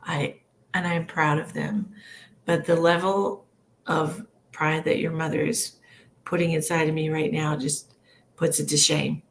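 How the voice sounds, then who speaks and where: Woman psychic, livestream reading. Slow, emotional and earnest, a bit of fry, faint hum behind. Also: deep voice, little pitch movement. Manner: rambling with many fillers. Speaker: psychic medium. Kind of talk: live-streamed psychic reading. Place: home livestream.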